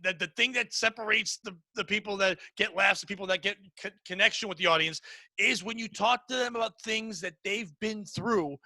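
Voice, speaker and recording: A man hosting a podcast, talking shop about comedy in a casual, profane, animated way. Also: high voice, fairly quick, no echo. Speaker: podcast host. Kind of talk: casual chat.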